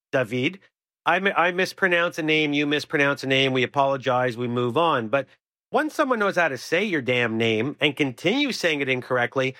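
A man's voice: a little high, sharp tone, dry recording, clean studio sound. A man co-hosting a radio show, giving advice in an earnest, emphatic, opinionated way. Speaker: radio co-host.

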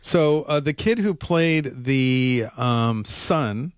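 A man's voice: medium pitch, animated, very slow, clear, resonant tone, no room sound, clean studio sound. A man co-hosting a radio show in casual, rambling chat. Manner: chatty, rambling, easygoing. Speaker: radio co-host.

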